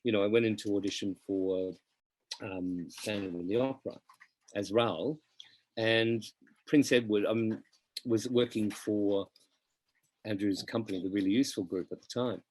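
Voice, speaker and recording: A middle-aged singer in a casual interview, telling chatty, animated anecdotes about his career. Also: fairly low pitch, normal speed, long pauses, no room sound. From Australia. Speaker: interview guest, musical theatre singer.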